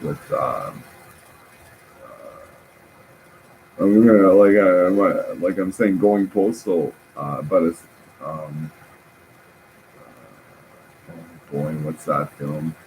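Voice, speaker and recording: A man's voice: sits low, slow pace, pauses often, darkish tone, slight background noise, low-quality recording. A man rambling through a casual, profane, self-mocking story with lots of fillers and restarts. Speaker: vlogger.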